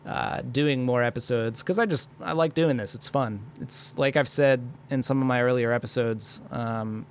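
A young man talks alone into a microphone, rambling in a loose, profane flow and laughing at himself. His voice sits at an ordinary pitch, with a faint hiss behind it. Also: moderate pace. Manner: rambling, profane, self-deprecating. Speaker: podcast host. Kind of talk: solo podcast rant. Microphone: studio microphone.

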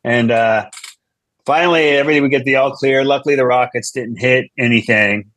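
A man's voice: medium pitch, a little fast, fairly bright tone, no room sound. A man, a comedian guest, telling a long story in casual chat, rambling with restarts and asides.

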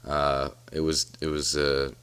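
A very low-pitched man with a bright edge co-hosts a podcast, tossing in agreements and repeating words as he hunts for names. His talk is loose and friendly. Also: flat delivery, clear, resonant tone. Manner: agreeable, quick backchannels, stammering restarts. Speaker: podcast co-host. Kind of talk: casual chat.

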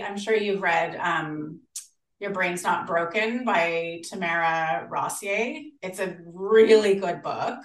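An animated Australian woman talks as a podcast guest and slips into the voices of people she quotes. Her voice is mid-pitched and sounds roomy. It comes from a little way back from the microphone. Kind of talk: casual interview chat. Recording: roomy, distant from the mic.

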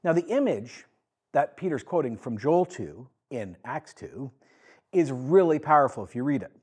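A man's voice: medium pitch, normal speed, slightly rough. A male pastor preaching a sermon, acting out scripture quotes with rising emphasis. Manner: animated, acts out quoted lines with rising emphasis.

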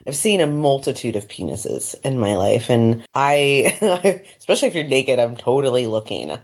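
Low-voiced woman podcast co-host. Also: expressive, moderate pace, a little mellow. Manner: frank, laughs often. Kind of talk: candid casual chat.

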